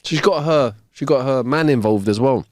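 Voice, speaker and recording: A man's voice: medium pitch, brisk, darkish tone, dry recording, studio quality. A man co-hosting a podcast, chatting casually and reading a news story aloud with his own asides. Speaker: podcast co-host. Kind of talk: casual chat.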